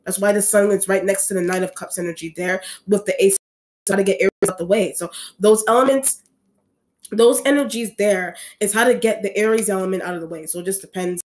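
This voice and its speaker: A woman's voice: mid-range voice, fairly even intonation, brisk, a little mellow. Rambling woman giving a tarot reading. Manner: rambling, many restarts and repeated phrases. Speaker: tarot reader.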